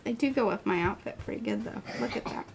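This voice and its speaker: A woman's voice: mid-range voice, quick pace, gravelly, background noise. A woman hosting an art livestream in her home studio, chatting playfully and teasing herself. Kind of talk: casual livestream chat.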